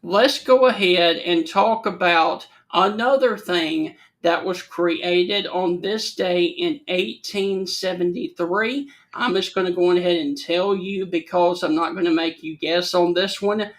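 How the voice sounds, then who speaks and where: A man co-hosting a casual sports show, slowly steering the talk with trivia questions. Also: high voice, rough recording. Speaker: co-host. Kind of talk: casual chat.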